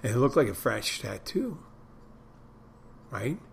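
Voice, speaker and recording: A man's voice: medium pitch, sing-song, slow, creaky, husky. A middle-aged man hosting a podcast, rambling through stories and crude jokes in a casual monologue. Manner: meandering storyteller, tells crude jokes. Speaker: podcast host.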